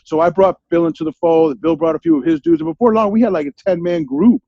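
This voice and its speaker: A man's voice: a little high, fast, no echo, lo-fi sound. A middle-aged man telling candid stories as an interview guest, in street slang with plenty of swearing and repeated "you feel me?". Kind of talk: candid storytelling.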